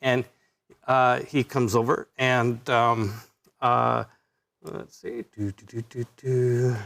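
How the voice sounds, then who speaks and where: A man running a live tabletop game as game master, with a gravelly edge of vocal fry. He talks haltingly, with plenty of fillers and restarts, at a middling pitch. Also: little pitch movement, a bit bright. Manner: halting, many fillers and restarts, laughs easily.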